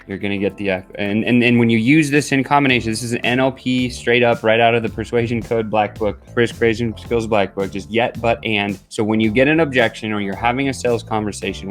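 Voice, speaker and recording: A man hosting an upbeat sales coaching vlog, talking in an energetic, chatty way with frequent fillers. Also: fairly low pitch.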